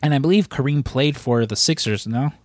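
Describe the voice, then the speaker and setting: A man's voice: medium pitch, brisk, no echo, clean studio sound. A man chatting casually on a podcast, rambling with lots of filler words. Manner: rambling, heavy use of "like" and "you know". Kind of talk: casual chat.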